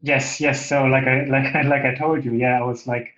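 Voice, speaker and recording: A man's voice: medium pitch, little pitch movement, normal speed. Hesitant German-accented man, interview guest on a call; echoey room, lo-fi audio. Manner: hesitant, many restarts and soft laughs. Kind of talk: casual video call interview.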